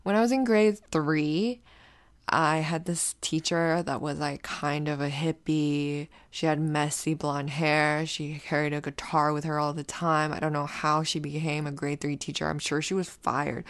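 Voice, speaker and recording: A woman's voice: low voice, flat delivery, a little slow, dry recording. A woman casually telling a rambling personal story, swearing often and restarting her sentences. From grew up partly in Canada, moved there as a child. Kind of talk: casual profane storytelling monologue.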